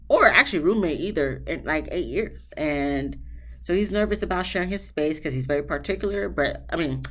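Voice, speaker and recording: A woman hosting a casual reality TV recap, chatty and opinionated. She addresses the couples directly and jumps to a high, emphatic pitch when she does. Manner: talks straight to the people on the show, laughing at her own asides. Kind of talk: casual episode recap commentary.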